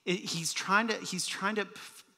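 A male pastor preaches in a relaxed, joking way, tossing in quick asides and little sound effects. His voice sits high and sounds crisp and bright. The sermon rings out with the long reverb of a church hall. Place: church sanctuary.

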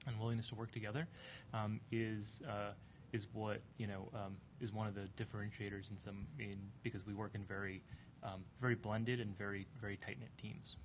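A man's voice: on the low side, little pitch movement, noisy background. A man on a conference panel, a developer answering with many fillers and restarts. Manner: halting, heavy fillers.

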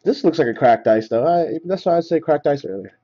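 Excitable man calling out pulled cards. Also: fairly high pitch, brisk, highs cut off. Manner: rattles off names, excited at big hits. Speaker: card break host. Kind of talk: live card-opening commentary.

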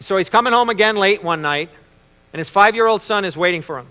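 A man preaching a Father's Day sermon, telling stories with reflective pauses. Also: high voice, bright, forceful tone, clear, resonant tone. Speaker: pastor. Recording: long reverb in a large hall.

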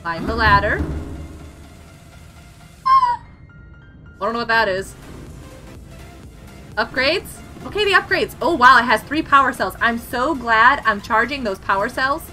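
A young woman streaming gameplay, excitable and giggly as she exclaims over what she finds. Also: a little high, unhurried, pauses often. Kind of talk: live gameplay commentary. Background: game music.

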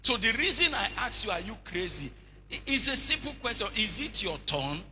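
A man preaching a sermon in an animated, humorous way, full of rhetorical questions and anecdotes. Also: very high-pitched, fairly quick, faint music behind. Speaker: bishop, preacher.

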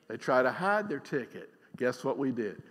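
A middle-aged man preaching a sermon as pastor. He is emphatic, swings between loud and quiet, and keeps asking the congregation questions. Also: mid-range voice, very animated, normal speed, husky. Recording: long reverb of a large church hall.

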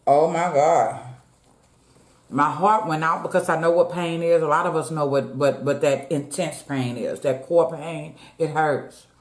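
A woman's voice: deep voice, steady tone, measured pace. Chatty woman eating on camera, echoey room. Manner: chatty, talks straight to viewers as "y'all", eats between words. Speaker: mukbang vlogger. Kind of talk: casual chat while eating. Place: at home.

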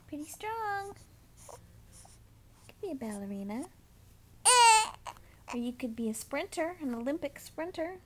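Woman, mother, high slow baby talk, playful and cooing. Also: big pitch swings, a little mellow, a little hiss or hum. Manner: sing-song, cooing, playful.

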